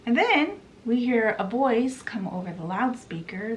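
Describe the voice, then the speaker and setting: A woman hosting a book channel, retelling a novel's plot in a chatty, relaxed way. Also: medium pitch, measured pace, hardly any pauses, slight background noise. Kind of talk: casual book summary.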